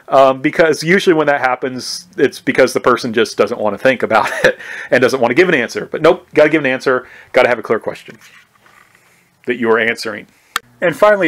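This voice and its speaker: A man giving a conversational recorded history lecture, often asking "right?" and restarting his sentences. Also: medium pitch. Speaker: history professor.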